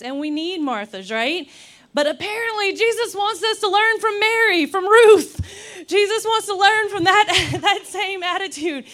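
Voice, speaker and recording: A young woman preaching a sermon in a lively, laughing, storytelling way. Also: sits high. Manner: animated, laughs often, acts out quotes.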